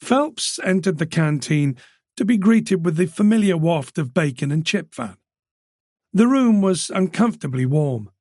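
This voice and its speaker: A man narrating a crime thriller in a measured, even way. His voice sits a bit high for a man and has a gravelly texture. The recording is close and dry. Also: no room sound. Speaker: audiobook narrator. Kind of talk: scripted narration.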